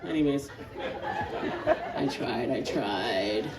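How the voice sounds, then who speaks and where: Woman comedian in her thirties, stand-up set, fairly high voice, roomy echo, heard from a distance, crowd laughing. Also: normal speed, very noisy. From Canada. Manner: animated, laughing through her punchlines. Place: outdoor stage.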